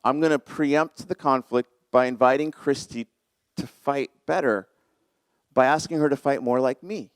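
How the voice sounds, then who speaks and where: A man's voice: mid-range voice, moderate pace, smooth, dry recording. A man in his forties preaching a conversational, self-deprecating sermon as pastor, often laughing at himself.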